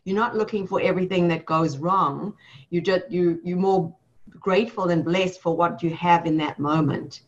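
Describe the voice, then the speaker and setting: A woman's voice: on the low side, moderate pace, lo-fi sound. A woman hosting an interview, who asks guests questions in a reflective, encouraging way. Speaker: host.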